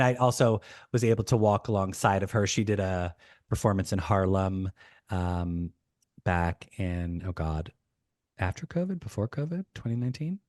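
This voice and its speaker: A man, a podcast guest, telling an animated story in casual talk, rushing and restarting his sentences. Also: lowish voice, no room sound, clean studio sound. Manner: animated, rushed retelling with many restarts.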